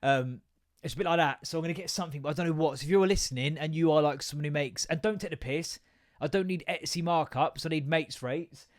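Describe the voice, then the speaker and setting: A man's voice: on the high side, fast, no room sound, studio quality. A tired man, rambling through a self-mocking solo podcast. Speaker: podcast host. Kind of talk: casual solo podcast chat.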